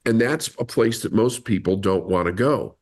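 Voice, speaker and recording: A man's voice: fairly low pitch, animated, moderate pace, a little mellow. A man as a podcast guest, explaining his ideas earnestly and driving points home by repeating them. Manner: earnest, explanatory, emphatic repetition. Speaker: podcast guest, mindset coach. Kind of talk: explaining in an interview.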